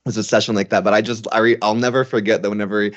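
A man's voice: fairly low pitch, little pitch movement, rapid-fire, lo-fi sound. A man hosting a podcast interview, chatting in a friendly way and laughing readily as he recounts an anecdote. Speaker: podcast host.

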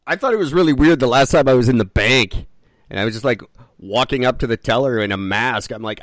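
A man's voice: medium pitch, brisk, dry recording. A man with a mid-range voice co-hosts a casual podcast, tossing off sarcastic, dry jokes. The sound is close and dry. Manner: sarcastic, dry joking asides. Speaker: podcast co-host.

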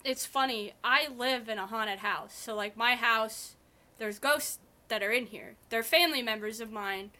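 A woman chatting as a podcast guest, blunt and offhand, with a bit of swearing. Her voice is fairly high and bright, with a tense edge. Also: moderate pace. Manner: blunt, laughing, swears casually. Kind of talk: casual chat.

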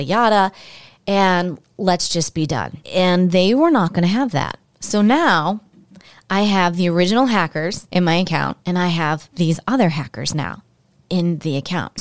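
Female podcast host, lower voice, candid and emotional storyteller, dry close-mic sound. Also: expressive, a little slow, no echo. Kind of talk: personal storytelling monologue.

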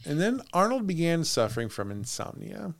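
A man with a slightly high voice tells a haunted-house tale to his co-host in relaxed podcast chat. His pitch swings widely as he talks. He laughs between lines and trails off into restarts. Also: moderate pace, vocal fry. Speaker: podcast host telling a ghost story. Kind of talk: casual chat.

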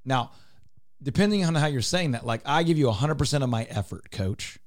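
A man's voice: medium pitch, animated, fairly quick, dry recording. Emphatic male radio host, dry studio sound. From Texas. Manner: emphatic, explanatory, repeats points. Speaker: radio show host, real estate broker. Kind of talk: talk radio banter.

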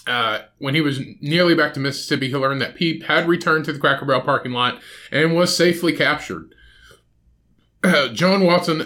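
A man's voice: on the high side, pushed and bright. A man hosting a solo podcast, ranting in an exasperated, profane way with laughs and sighs. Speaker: podcast host.

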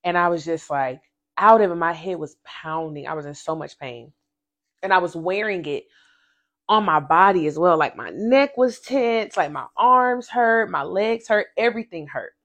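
A woman hosting a casual faith podcast, telling a personal story with animated, emphatic repetition and speaking straight to her listeners. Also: fairly low pitch, moderate pace. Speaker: podcast host.

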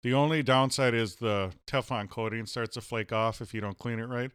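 A man co-hosting a casual podcast, relaxed and jokey. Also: medium pitch, normal speed, clean tone, dry recording, studio quality. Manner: relaxed, jokey, slips into silly voices. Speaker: podcast co-host. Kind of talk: casual chat.

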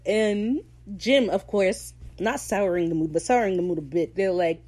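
A woman hosting a podcast, chatting casually in a slangy, animated way and acting out characters' lines as she recaps a show. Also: mid-range voice, unhurried. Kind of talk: casual chat.

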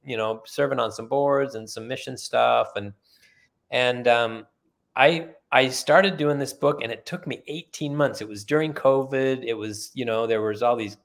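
A retired middle-aged man being interviewed, telling relaxed, anecdotal stories with many fillers. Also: mid-range voice, normal speed, gravelly. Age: middle-aged or older, retired. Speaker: guest, author and former company sales leader. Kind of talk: conversational storytelling.

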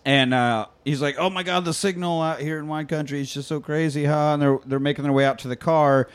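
Guy on a podcast, bit higher voice, swears a lot, does the characters' lines. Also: fairly quick, clean tone. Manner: animated, profane storytelling with quoted voices. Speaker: podcast co-host recapping a film. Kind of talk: casual chat.

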